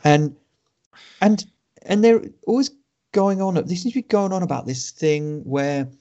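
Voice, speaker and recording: A man co-hosting a film podcast, reviewing a movie in a dry, sardonic way with many pauses and ums. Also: high-pitched, lively intonation, mellow. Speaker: podcast co-host reviewing films. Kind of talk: casual film review chat. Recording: dull lo-fi podcast audio.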